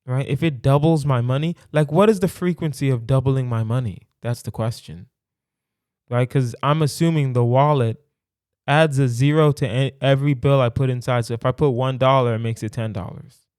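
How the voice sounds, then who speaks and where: A man's voice: medium pitch, normal speed, a little mellow, clean tone, no echo, clean studio sound. Playful, rambling male podcast comedian. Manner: playful, rambling, thinks aloud with lots of "right?". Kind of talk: solo podcast monologue.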